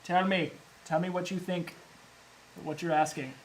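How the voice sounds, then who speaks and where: A man's voice: sits high, steady tone, unhurried, poor audio. A man co-hosting a casual livestream, reading out viewer questions and cracking jokes. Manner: teasing, jokey. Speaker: co-host reading chat questions.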